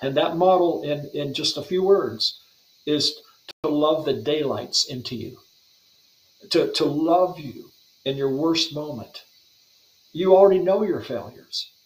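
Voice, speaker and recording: A man's voice: a little high, animated, unhurried. Earnest man teaching, roomy echo. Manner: earnest, flowing, repeats words as he restarts phrases. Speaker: guest Bible translator. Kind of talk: devotional teaching in a podcast interview.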